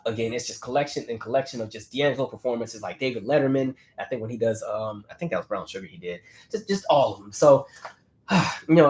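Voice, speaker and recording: Slightly hoarse man chatting casually. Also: medium pitch. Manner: conversational, many fillers and restarts. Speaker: livestream host reading chat comments. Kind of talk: casual livestream chat.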